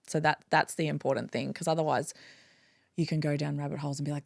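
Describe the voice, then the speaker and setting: Gravelly-voiced woman, dry close sound. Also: sits low, quick pace, no echo. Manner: animated, acts out inner dialogue in quotes. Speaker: guest, chiropractor. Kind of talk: casual interview chat.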